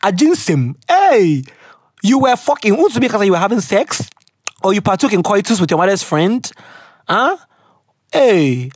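A woman's voice: mid-range voice, big pitch swings, normal speed, pauses often, a little mellow, husky, no echo, clean studio sound. A young woman hosting a podcast and reading listener letters in a casual, chatty way. She laughs often, wanders off on tangents and mixes Twi slang into her talk. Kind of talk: casual chat.

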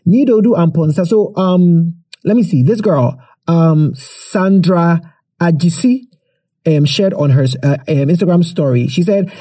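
A man's voice: fairly high pitch, measured pace, dark tone. A man hosting a podcast in a chatty, playful way, cheerfully plugging the show. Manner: chatty, playful, self-promoting. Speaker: podcast host. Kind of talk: casual podcast chat.

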